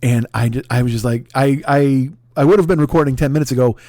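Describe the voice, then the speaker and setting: A man in his forties hosting a solo comedy podcast, ranting off the cuff, swearing a lot and jumping into loud shouted bits. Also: medium pitch, quick pace, no room sound, clean studio sound. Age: 40s. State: shaken up and jittery. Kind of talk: improvised comic monologue.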